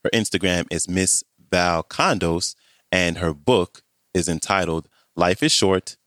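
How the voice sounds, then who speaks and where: A man hosting a podcast, reading a steady, reflective, encouraging intro. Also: sits low, unhurried, no room sound, studio quality. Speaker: podcast host.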